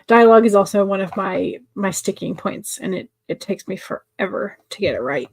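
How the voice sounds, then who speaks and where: A woman's voice: mid-range voice, lively intonation, moderate pace, darkish tone. A woman hosting a writing-sprint livestream, chatting casually and answering viewer comments with many fillers and restarts.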